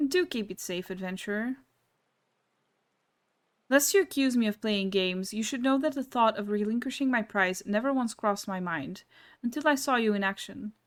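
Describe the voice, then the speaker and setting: A woman's voice: medium pitch, animated, moderate pace, natural voice. A woman reading aloud the lines of a mysterious, smug male game figure, with formal, old-fashioned diction. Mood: grandiose. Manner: archaic, formal and mock-gracious diction.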